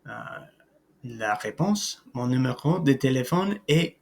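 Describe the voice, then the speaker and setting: A man's voice: medium pitch, expressive, a little slow, creaky. A man teaching a recorded French language lesson, hesitant with many ums and uhs, spelling out words letter by letter.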